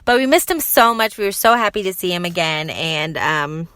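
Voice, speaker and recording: A young woman hosts her own podcast in an easy, rambling chat full of fillers. Her voice is bright and forward and sits a little low for a woman. The recording is dry and close. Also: moderate pace, smooth, dry recording. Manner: chatty, lots of fillers, animated when quoting people. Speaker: podcast host. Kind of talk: casual solo podcast chat.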